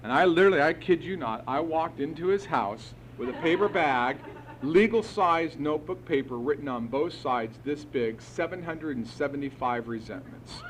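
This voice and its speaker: A middle-aged man telling his own recovery story to a meeting, animated, acting out conversations and chuckling as he goes. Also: on the high side, moderate pace, a little hiss or hum, low-quality recording. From United States. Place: meeting hall.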